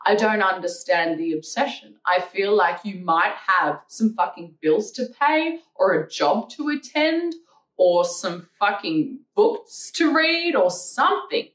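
A woman's voice: medium pitch, lively intonation, a little slow, a bit bright. A young woman vlogger ranting back at comments in a sarcastic, profane, mocking way. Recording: echoey room, mic at a distance.

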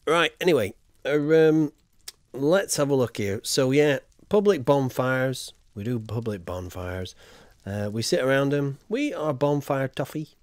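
A man's voice: medium pitch, animated, a little slow, dry recording. A man, casually chatting with his chat while streaming a game. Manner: chatty, reads and answers chat.

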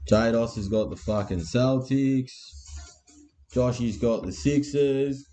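A man's voice: mid-range voice, takes it slowly, warm tone, faint music behind. An Australian man hosting a live card break, with crude, laddish banter and constant swearing.

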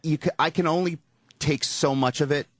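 A man speaking as a guest on talk radio, sarcastic and halting, often repeating himself. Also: fairly high pitch, fairly even intonation, fairly bright tone, dry recording. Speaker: show staffer and guest. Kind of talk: casual talk radio banter. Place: radio studio.

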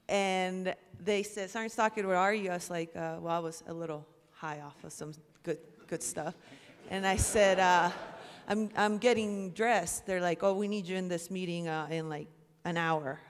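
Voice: mid-range voice, normal speed. An airman on an award panel telling a humorous personal story, acting out the other people in it. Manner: lively storytelling with acted-out quotes. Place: symposium hall on stage. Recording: reverberant auditorium.

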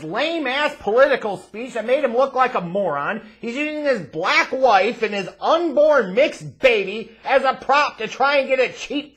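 A man hosting a wrestling review, ranting angrily and profanely, often building to shouts. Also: extremely high pitch. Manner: angry, profane, shouting ranter.

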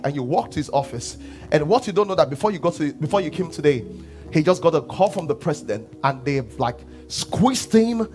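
A Nigerian pastor with a high, bright voice preaches a sermon to his church. He poses questions and answers them, dropping to hushed asides and then rising to shouts, while faint music plays underneath.

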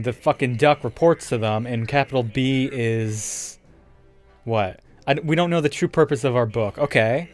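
A man's voice: medium pitch, normal speed, a little mellow, soft background music. Swearing, exasperated gamer guy. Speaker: let's play gamer. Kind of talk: casual gameplay commentary.

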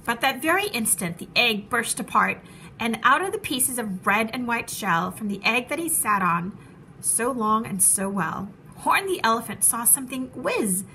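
A woman teacher reading a children's storybook aloud with animated, rhythmic rhyming narration. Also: on the high side, moderate pace, a little hiss or hum.

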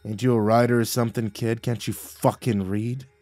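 A man voicing the ghost of a drunken, contemptuous father, with a rough, slurring, rasping voice. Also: medium pitch, little pitch movement, moderate pace, warm tone, dry recording, faint music behind, lightly acted. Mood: sneering.

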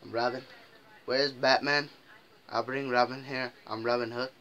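A man's voice: mid-range voice, fairly even intonation, normal speed, pushed and bright, highs cut off, lightly acted. A man playing a silly mock-heroic male hero who calls himself Robin. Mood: playful.

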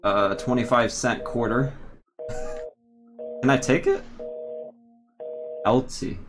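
A man's voice: medium pitch, slow. A man streaming a horror game live, commenting in a drawling way, laughing and swearing when startled. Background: loud game music.

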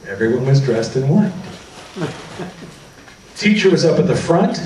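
A man's voice: fairly high pitch, a little hiss or hum. A man giving a talk to an audience about his own experiences, telling stories and acting out what people said. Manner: animated storytelling, acting out quoted dialogue. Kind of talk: public talk with personal anecdotes. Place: meeting hall before an audience. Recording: echoey hall, voice from far off.

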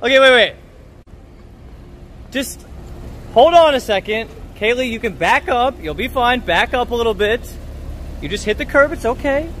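A very high-voiced man streaming live, loud and excitable, cursing and yelling at friends. Faint noise hums in the background. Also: moderate pace, long pauses. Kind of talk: rowdy livestream chat.

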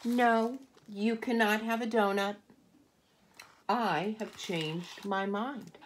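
Lady doing a stubborn panda guy from a picture book, firm and slow, a bit high. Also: expressive. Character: polite but stubborn male panda.

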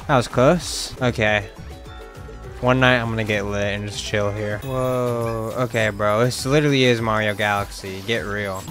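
A young man gives let's-play commentary at a slow, unhurried pace, drifting between mumbled asides and sudden excited yelps. His voice sits at an ordinary middle pitch, and his talk is slangy and casual. Game music plays faintly behind him. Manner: excitable, slangy reactions with sudden loud outbursts. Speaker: gaming streamer.

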